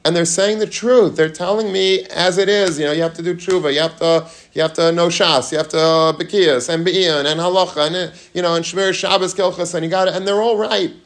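Man giving a lively storytelling sermon. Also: high-pitched, a little fast, few pauses. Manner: animated, acts out quoted voices, Yiddish and Hebrew terms. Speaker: Torah lecturer.

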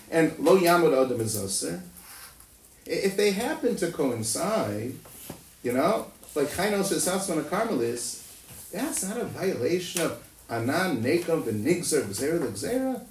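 A man giving an animated Talmud lecture, asking rhetorical questions and tagging many lines with "no?" in a sing-song manner. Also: unhurried. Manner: rhetorical questions, often ending with "no?"; sing-song, animated delivery with sudden jumps in pitch. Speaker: Talmud teacher. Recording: echoey room, recorded from a distance, faint noise.

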